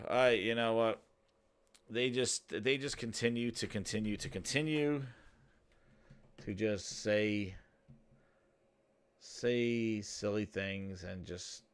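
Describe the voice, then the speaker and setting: A man's voice: fairly low pitch, animated, slow, pauses often, smooth. A man hosting his own gaming channel, ranting casually in a rambling way, with frequent swearing and laughter. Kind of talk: casual reaction rant.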